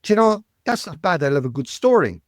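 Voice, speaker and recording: Guy in his 60s telling stories, kinda high voice, dry close mic, keeps saying right?. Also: a little fast, no echo. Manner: animated, repeats words and tags lines with "right?". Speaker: podcast guest. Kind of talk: storytelling interview.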